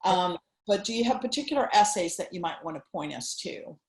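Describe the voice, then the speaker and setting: A woman's voice: fairly low pitch, lively intonation. Woman moderator in an echoey room. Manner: friendly and measured, with frequent "um"s. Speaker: program moderator relaying teachers' questions. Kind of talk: moderating an online Q&A. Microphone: video call. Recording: echoey room on a video call.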